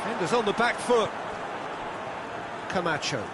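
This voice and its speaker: High-voiced excitable football play-by-play man. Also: normal speed, very noisy. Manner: excitable, rising to shouts at goals. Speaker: play-by-play commentator. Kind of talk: video game match commentary. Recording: game audio over loud stadium crowd.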